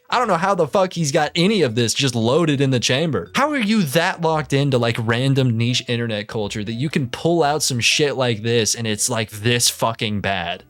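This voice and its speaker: Young male commentary YouTuber, lively and slightly high voice, exasperated and profane, dry close sound. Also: no echo. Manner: profane, exasperated ranting with frequent laughs and restarts. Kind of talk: casual reaction commentary.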